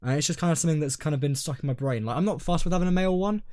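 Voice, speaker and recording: A young man co-hosting a casual podcast, talking in a rambling, hesitant way that often trails off quietly. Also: on the high side, rapid-fire. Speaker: podcast co-host. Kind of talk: casual chat.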